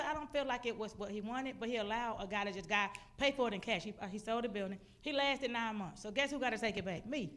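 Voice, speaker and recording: A woman giving a testimony sermon in a church, telling her story with animated delivery and acting out her own outbursts. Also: a little high. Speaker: guest speaker. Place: church sanctuary.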